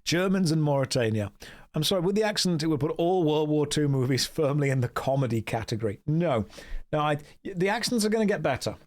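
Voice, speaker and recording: A man's voice: fairly high pitch, lively intonation, brisk, a little mellow. Joking British man streaming a game. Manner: joking, self-mocking, reads chat aloud. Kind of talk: casual game stream chat.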